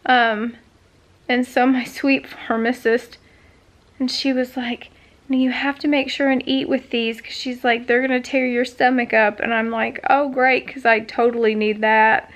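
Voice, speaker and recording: A woman's voice: on the high side, flat delivery, measured pace. A woman vlogger chatting casually, telling a long story with many fillers and asides. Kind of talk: casual chat.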